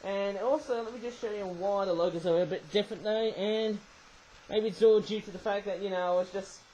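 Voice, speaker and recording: Chatty toy review, rambling, tag questions, mid-pitched voice, faint background hum. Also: rough recording. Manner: bursts into loud excited chanting. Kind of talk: casual product review.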